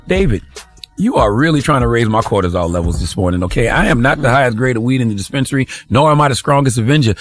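A male radio host giving an emphatic, lecturing opinion segment, often pausing to ask the listener "okay?". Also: mid-range voice, fairly bright tone.

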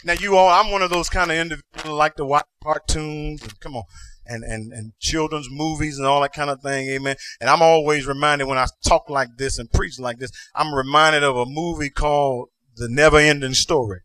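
A man preaching, his voice high and bright. He works the room with call-and-response, building into sing-song shouted peaks. The sound is dry and close. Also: steady tone, a little fast, no echo. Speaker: pastor. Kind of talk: sermon.

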